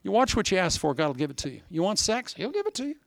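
A male preacher from Iowa delivers a sermon with animated storytelling, acting out voices and laughing. He speaks rapid-fire in a high voice, and the recording is dry.

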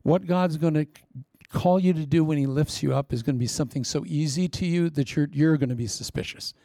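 Male preacher, fairly high gravelly voice, dry sound, animated storyteller. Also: fairly quick, dry recording. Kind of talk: sermon.

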